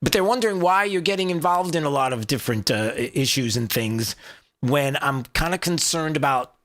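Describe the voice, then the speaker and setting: A man's voice: a little high, lively intonation, fairly quick, fairly bright tone. An American man hosting a political talk radio show, sarcastic and rambling with many fillers.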